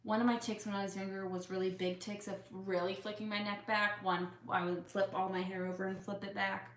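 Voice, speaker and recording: A woman's voice: mid-range voice, flat delivery, a little fast, a bit bright, a little hiss or hum. A young woman with tics chats casually with her viewers, answering their questions with lots of fillers and open feeling. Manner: chatty, with fillers, openly emotional. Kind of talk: casual Q&A chat. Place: home room with a couch. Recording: echoey room.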